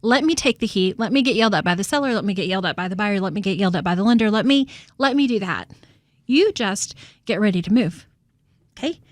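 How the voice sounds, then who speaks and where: A woman talks through a casual podcast chat, laughing often and doubling her words as she starts. Her voice sits at a middle pitch, recorded dry and close with no room sound. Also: expressive, quick pace, no room sound. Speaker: co-host and real estate agent.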